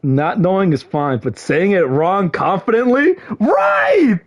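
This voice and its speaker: A young man streams casually to his viewers in a high voice, speaking slowly over dull audio. Excitable, he often shouts in mock frustration and peppers his chat with slang.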